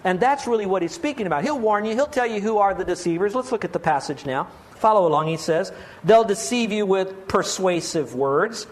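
A man's voice: high voice, lively intonation, fairly quick. A pastor giving an earnest, pleading sermon, asking his listeners many rhetorical questions.

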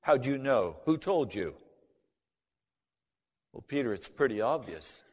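A man's voice: mid-range voice, big pitch swings, takes it slowly, darkish tone, slightly rough. A man giving a spoken personal testimony, acting out both sides of remembered conversations as he tells the story. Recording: long hall reverb.

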